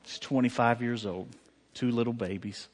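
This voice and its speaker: A man's voice: mid-range voice, fairly even intonation, moderate pace. A man, a pastor telling a personal story in a sermon, conversational and heartfelt, with many fillers and restarts. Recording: long hall reverb.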